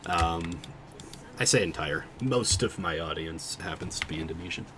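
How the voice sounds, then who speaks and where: Rambling low-voiced male streamer. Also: normal speed, very noisy. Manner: rambling, self-interrupting, thinking out loud. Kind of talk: casual livestream chat while gaming.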